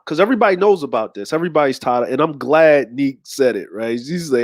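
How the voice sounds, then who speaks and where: A man's voice: a little high, animated, fairly quick, few pauses, no echo, clean studio sound. A man hosting a show, talking to his audience in a slangy, rambling way. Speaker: host. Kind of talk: casual commentary.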